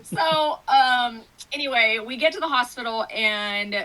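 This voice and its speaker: A woman's voice: a little high, unhurried, rough recording. A woman guest author chatting in an interview, telling stories with lots of laughter and fillers. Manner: animated storytelling, laughing often, many fillers. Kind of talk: casual interview chat.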